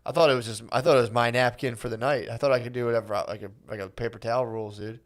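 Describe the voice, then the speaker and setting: A man's voice: medium pitch, fairly even intonation, very fast. A man co-hosting a comedy podcast, chatting in a laid-back, profane way and often calling people dude. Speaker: podcast co-host. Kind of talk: casual comedic chat.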